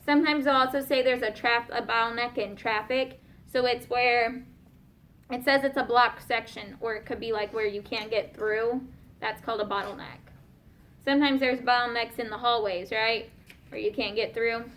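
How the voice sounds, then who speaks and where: A woman teaching a class of young students, patiently asking questions and slowing down to spell out and explain words. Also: fairly high pitch, steady tone, fairly bright tone.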